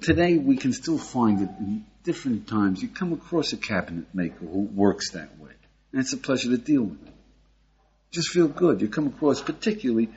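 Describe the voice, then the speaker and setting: An older American man, a rabbi, giving a lively class and checking in with his listeners with a steady "yeah?". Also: mid-range voice, slightly rough. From United States. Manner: animated, questioning the audience, frequent "yeah?". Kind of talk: lively Torah class lecture. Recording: dull lo-fi lecture recording.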